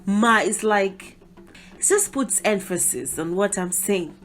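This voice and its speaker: A woman's voice: medium pitch, a little slow, a bit bright. Chatty woman teaching. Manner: chatty, explains with asides and small laughs. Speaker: Yoruba language teacher. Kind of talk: explaining a language lesson.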